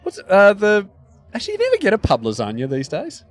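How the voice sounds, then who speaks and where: A man's voice: high voice, wildly swooping pitch, quick pace. An Australian comedian in his thirties, trading dry, teasing jokes in a casual chat.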